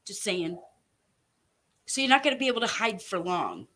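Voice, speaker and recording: A woman's voice: mid-range voice, big pitch swings, normal speed, sharp tone. A woman delivering an angry, profane rant straight to her viewers, making threats and hammering her points with emphasis. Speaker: online commentator. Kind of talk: angry direct-to-camera rant.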